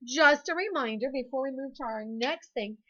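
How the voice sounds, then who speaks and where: Woman, Ohio accent, second grade teacher, patient and encouraging, fairly high voice, muffled recording. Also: normal speed, a bit bright, slight background noise. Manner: patient, encouraging, sing-song teacher talk. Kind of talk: phonics lesson, call-and-response with pupils.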